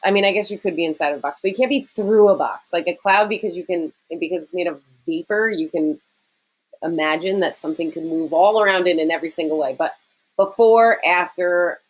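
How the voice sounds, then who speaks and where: Lady teacher doing a recorded grammar lesson, lowish voice, chatty, lots of um and okay. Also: slightly rough, rough recording. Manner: conversational, explains step by step with frequent okay and um.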